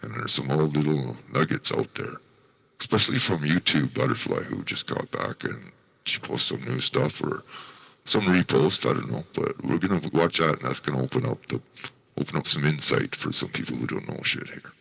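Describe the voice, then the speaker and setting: A very deep, gravelly male voice with a raspy edge rolls through scornful, profanity-laced livestream commentary. His pitch swings widely as he reacts, and the tone stays bright and pushy. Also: lively intonation, moderate pace. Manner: scornful, swears constantly. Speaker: livestream host reviewing clips.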